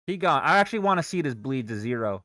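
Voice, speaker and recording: A man's voice: mid-range voice, big pitch swings, fast talker, sharp tone, dry recording, clean studio sound. A young man livestreaming his day trading, cursing and venting in exasperated outbursts. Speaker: day trader streaming live. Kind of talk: live trading stream, frustrated ranting.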